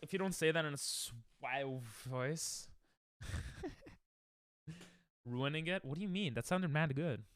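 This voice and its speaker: A man's voice: a little high, takes it slowly, long pauses, fairly bright tone, smooth, no echo, clean studio sound. A man streaming a speedrun, chatting casually and joking with chat, laughing often.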